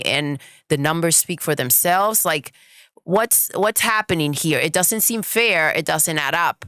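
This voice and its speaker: A woman co-host in a casual gaming podcast, opinionated and animated. Her voice sits low but sounds bright and smooth. The recording is dry and close. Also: unhurried, no echo. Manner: animated, opinionated, many fillers. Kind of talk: casual gaming news chat.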